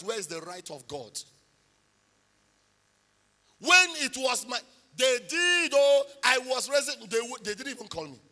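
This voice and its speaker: A man with a Nigerian accent preaching a sermon testimony in a church, telling his story with animated energy that rises to shouts. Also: high-pitched. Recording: long hall reverb.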